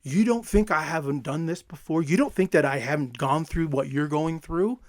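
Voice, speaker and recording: Emphatic motivational coach, fairly high voice. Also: male voice, normal speed, no echo, clean studio sound. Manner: energetic, emphatic, repeats phrases for effect. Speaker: self-help coach. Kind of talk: motivational talk.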